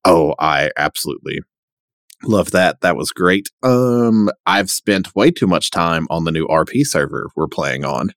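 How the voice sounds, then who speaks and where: A man co-hosting a podcast, chatting casually and enthusiastically with quick asides. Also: low voice, lively intonation, fairly bright tone, dry recording, clean studio sound. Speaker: podcast co-host. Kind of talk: casual chat.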